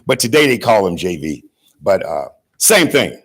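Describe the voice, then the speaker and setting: A man from Georgia, giving a graduation speech and telling an animated story, calling out to the audience to join in. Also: sits low, moderate pace, breathy edge. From Georgia, USA. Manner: call-and-response with the audience, dramatic swings from hushed to shouting. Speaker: graduation guest speaker.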